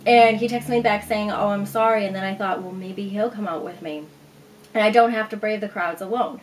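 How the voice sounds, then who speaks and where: A woman's voice: mid-range voice, brisk, slight background noise, rough recording. A young woman vlogger casually telling a long personal story, acting out what people said. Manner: chatty, animated retelling with acted-out quotes. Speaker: beauty vlogger.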